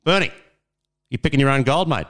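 A man quoting a gruff Australian station boss. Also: medium pitch, animated, a little fast, a bit bright, voice pushed up, natural voice. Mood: stern.

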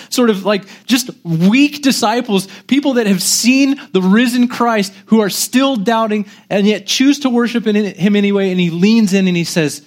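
A man preaching a sermon in a conversational, animated way, poking fun at himself and often restarting sentences. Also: sits high. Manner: conversational, animated, self-deprecating, with frequent restarts. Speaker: pastor.

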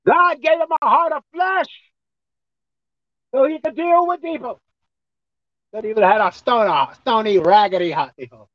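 A woman preacher delivering a folksy, emphatic sermon, swinging between shouting and hushed tones. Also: a little high, normal speed, long pauses, no room sound, highs cut off. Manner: folksy, colloquial.

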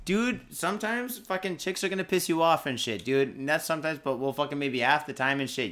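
A man's voice: medium pitch, fairly bright tone. A man hosting a casual podcast, drinking as he talks, rambling in a laid-back and profane way and reading out news stories. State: drinking booze while talking. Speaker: podcast host.

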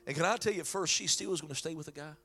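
Preacher guy, bright ringing voice, kinda high, soft music under it. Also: rapid-fire, gravelly. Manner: folksy preaching, shifts into loud prayer. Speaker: pastor. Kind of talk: sermon.

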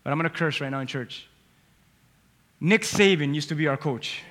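A man preaches a sermon in a church with a long reverberating hall sound around him. His voice sits high and bright, and he swings from forceful emphasis to quiet asides, slipping into little character voices as he tells a story. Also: moderate pace, slight background noise. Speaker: pastor. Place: church sanctuary. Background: congregation.

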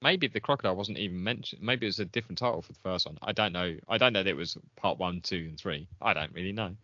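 A man, co-hosting a casual chat podcast, chatty and quick to laugh. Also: low voice, pushed and bright, dry recording, lo-fi sound. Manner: chatty, laughs often, trails off. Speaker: podcast co-host.

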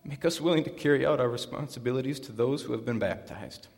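A man serving as pastor, leading a baptism liturgy, prayers and a scripture reading in a solemn, measured way inside a church. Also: mid-range voice, darkish tone, husky. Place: church sanctuary. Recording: long reverb of a church hall.

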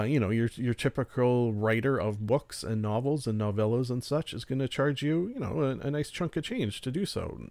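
A man's voice: mid-range voice, vocal fry, a little mellow, no echo. Rambling, chuckling male podcast host. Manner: rambling, self-interrupting, chuckling often. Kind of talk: casual solo podcast review.

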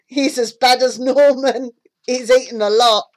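A woman voicing an easygoing, cheeky boy in a storybook reading, with a relaxed, teasing manner. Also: sits high, unhurried, voice pushed up.

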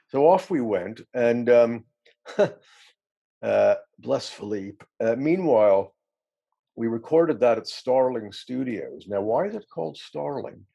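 A man's voice: medium pitch, expressive, unhurried, creaky, mellow, slightly rough, dull audio. A middle-aged man, a musician being interviewed, telling rambling, self-deprecating stories with frequent laughs. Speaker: musician guest. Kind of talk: casual anecdotal interview.

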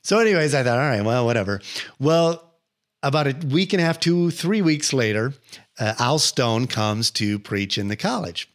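A young man hosting a podcast, telling a personal story casually, with laughs and lively retold quotes. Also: mid-range voice, moderate pace. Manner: animated retelling with laughs and acted-out quotes. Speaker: podcast host.

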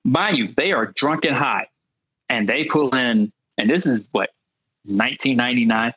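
A male comedian guest telling comic stories in an animated way, acting out the voices of the people in them. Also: medium pitch, normal speed, slightly rough, no room sound, lo-fi sound. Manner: animated, acts out quoted voices. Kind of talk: comic storytelling.

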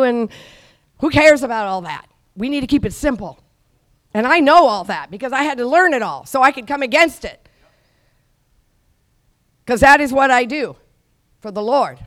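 A middle-aged woman preaches with a high, ringing voice, urging her listeners to repeat her words. She swings from quiet asides to fervent shouting. The sound is close and dry. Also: dry recording. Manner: exhorting, call-and-response with the audience, rising to shouts. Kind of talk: charismatic sermon.

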